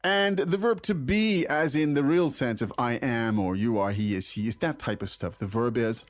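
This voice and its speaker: A man hosting a language lesson, explaining phrases in a relaxed way with fillers and restarts. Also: mid-range voice, normal speed. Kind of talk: casual teaching chat.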